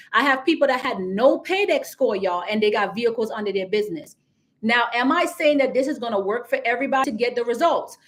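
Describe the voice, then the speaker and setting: Caribbean lady coaching on a livestream, kinda high voice, super chatty, talks right to the viewers. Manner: chatty, addresses viewers directly, reads out comments. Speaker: business credit coach. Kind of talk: casual livestream teaching.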